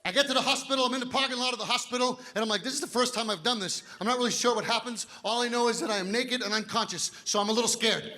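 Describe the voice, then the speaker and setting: A man in his fifties performing a stand-up comedy set, telling big, animated stories on a stage mic in a live hall. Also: extremely high pitch, racing, hardly any pauses. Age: 50s. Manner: big animated storytelling, drops to quiet voices for quoted doctor. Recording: live hall with audience laughter.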